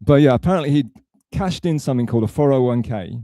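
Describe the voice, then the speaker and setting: English guy rambling on his stream, self-mocking and sarcastic, dark mellow voice, dry close mic. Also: mid-range voice, expressive, fast, no room sound. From England. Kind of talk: rambling livestream monologue.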